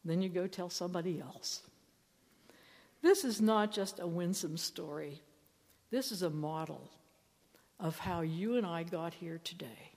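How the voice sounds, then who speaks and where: A woman giving a sermon, telling the story in a lively way and acting out quoted lines. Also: fairly low pitch, measured pace, long pauses. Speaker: preacher. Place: church. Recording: reverberant church hall.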